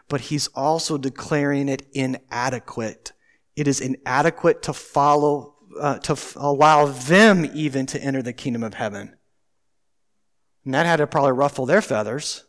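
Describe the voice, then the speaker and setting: A high-pitched man delivers a sermon to his congregation in church. He preaches emphatically, throws out rhetorical questions, and swings between loud declarations and quiet, hushed asides. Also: moderate pace. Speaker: pastor.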